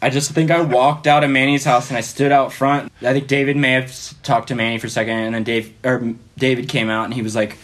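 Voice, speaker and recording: A man's voice: mid-range voice, little pitch movement, fast talker, hardly any pauses, a bit bright. Rambling, laughing male podcast guest. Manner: rambling, filler-heavy, often laughing. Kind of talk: casual storytelling.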